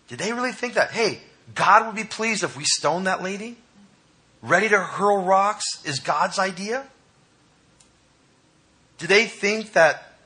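A man preaching a sermon to a congregation, reading scripture and commenting with dramatic emphasis and pauses. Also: high-pitched, sharp tone, slightly rough. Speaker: pastor. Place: church hall.

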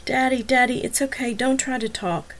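Woman voicing a soft-spoken young daughter. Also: on the high side, normal speed, a little hiss or hum, pitched above the performer's own voice, natural voice. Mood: tender. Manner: soft, soothing. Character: young woman comforting her hurt father.

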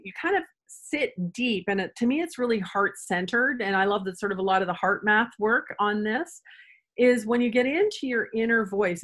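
A woman chiropractor, a guest on an interview show, explaining ideas thoughtfully, searching for words and restarting phrases as she goes. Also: mid-range voice. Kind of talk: conversational interview answers.

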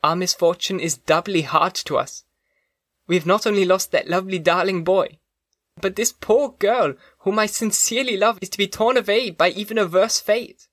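A man's voice: high-pitched, normal speed, fairly bright tone, no echo, clean studio sound, voice pushed up. A man voicing an earnest, grieving young woman in an audiobook reading, her lines pleading and emotional.

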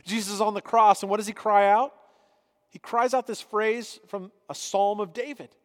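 A pastor with a high-pitched voice delivers a sermon, moving between reading scripture aloud and earnest explanation. His voice carries a long reverb tail, as if the room is large and echoing. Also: fairly even intonation, moderate pace.

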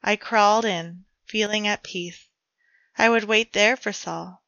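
Bright-voiced woman reading dark fiction. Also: medium pitch, steady tone, unhurried, gravelly, no room sound, dull audio. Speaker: storyteller. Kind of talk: reading her own dark fiction aloud.

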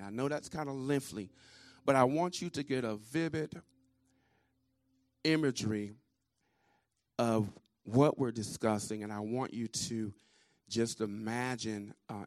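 Pastor guy reading scripture real slow and deliberate, dry close sound, middle pitch. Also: dry recording. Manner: slow, deliberate reading that builds to loud projected emphasis; calls "Amen?" to the congregation.

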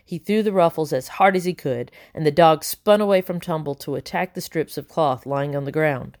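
A woman narrating a children's novel aloud, lively and voicing the characters. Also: deep voice, moderate pace, no room sound, studio quality. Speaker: audiobook narrator. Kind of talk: scripted narration.

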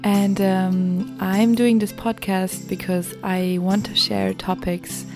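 A woman with a German accent hosting her own solo podcast, talking slowly and reflectively with many pauses and ums. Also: medium pitch, level tone, over music. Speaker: podcast host.

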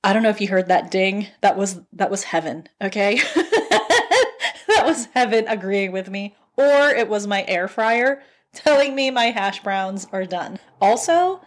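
A woman's voice: medium pitch, measured pace. A woman in her thirties hosting a podcast, giving a casual motivational talk and laughing often as she gets fired up. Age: 30s. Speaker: podcast host. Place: at home. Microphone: phone.

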